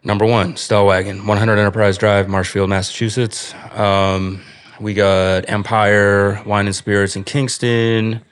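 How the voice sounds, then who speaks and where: A man's voice: lowish voice, little pitch movement, unhurried, clear, resonant tone. A man guesting on a casual interview, laid-back and full of fillers as he talks about his business. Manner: laid-back, lots of fillers, laughs easily. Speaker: brewery owner guest.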